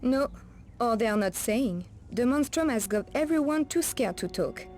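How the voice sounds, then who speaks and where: With lively intonation and a fairly high, darkish voice, an actress portrays a guarded woman of the night streets who cautions others, using a French accent and French terms of endearment. She speaks at a moderate pace, close to an everyday voice, over faint background music.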